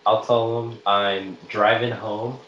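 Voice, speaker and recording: A man's voice: lowish voice, level tone, takes it slowly, dull audio. A man hosting a podcast and making prank calls, improvising with many hesitations and restarts. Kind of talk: casual chat. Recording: echoey room with faint background noise.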